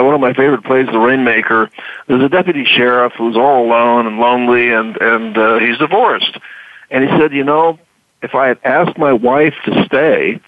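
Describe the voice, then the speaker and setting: A man's voice: mid-range voice, no echo. Man on a tinny phone line. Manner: halting, repeats words when starting. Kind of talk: casual conversational talk.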